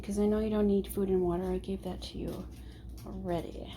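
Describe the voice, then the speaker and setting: A woman's voice: medium pitch, flat delivery, brisk, dark tone, a little hiss or hum. A woman chatting casually to the camera from home, rambling between topics and sometimes dropping to a whisper. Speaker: vlogger. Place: at home, working from home.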